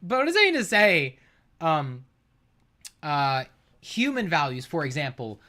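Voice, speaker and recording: A streamer reacting to a debate clip on a livestream, ranting with profanity, exasperation and loud sarcastic outbursts. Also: medium pitch, big pitch swings, measured pace.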